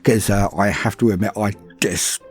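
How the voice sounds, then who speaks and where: A man's voice: fairly low pitch, fairly even intonation, moderate pace, faint music behind. A man from southern England with a BBC English accent, answering patron questions in a chatty, self-deprecating way with rambling asides. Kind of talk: casual podcast Q&A.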